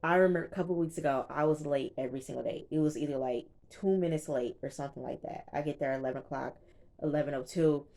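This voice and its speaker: Chatty young woman with a low voice. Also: fast talker, dark tone. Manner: chatty, slangy, retells scenes with quoted dialogue. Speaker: TV recap vlogger. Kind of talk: casual episode recap.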